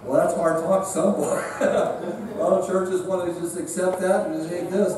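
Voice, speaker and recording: A man's voice: sits high, fairly even intonation, normal speed, a crowd in the background. A man with a Central California accent preaching a sermon in a church, telling stories in a folksy, emphatic way. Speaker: visiting preacher. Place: church sanctuary. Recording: echoey church from far off.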